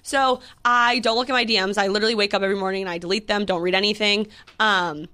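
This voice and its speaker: A young woman in her twenties talks through a story on a casual podcast. She chats at a middling pitch, full of fillers, and acts out both sides of each exchange as she quotes them. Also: steady tone, fast talker, sharp tone. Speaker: podcast co-host. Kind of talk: casual chat.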